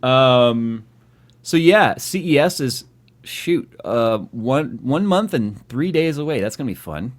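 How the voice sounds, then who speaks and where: Guy hosting a tech live stream, loose joking chat, really lively pitch. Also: takes it slowly. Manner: teasing, joking. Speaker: tech channel host.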